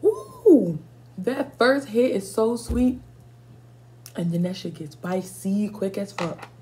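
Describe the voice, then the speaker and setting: A woman's voice: mid-range voice, takes it slowly, darkish tone, a little hiss or hum. A woman in her twenties telling casual, profane stories while eating for a mukbang video, stopping now and then to react to spicy food. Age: 20s. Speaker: mukbang vlogger.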